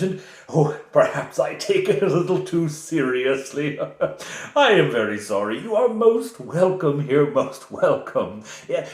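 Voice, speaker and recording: A man voicing a falsely friendly village official who talks slowly and ingratiatingly. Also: fairly high pitch, pitched above the performer's own voice. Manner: slow, ingratiating, chuckling. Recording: roomy echo.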